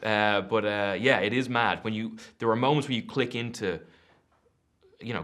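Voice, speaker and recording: A man in his thirties with an Irish accent, chatting casually as an actor being interviewed, self-deprecating and quick to laugh. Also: lowish voice, a bit bright. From Ireland.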